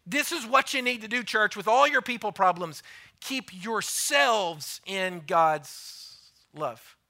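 A male preacher with a rather high, very bright voice delivers a sermon in a church. He speaks slowly and emphatically, repeating key phrases and sometimes sinking almost to a whisper for stress. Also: expressive, vocal fry.

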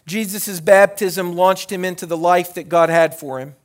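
High-voiced man preaching with dynamic swings. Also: normal speed. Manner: animated preaching, swings from hollering to hushed tones; repeats words when restarting phrases. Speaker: pastor. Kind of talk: sermon.

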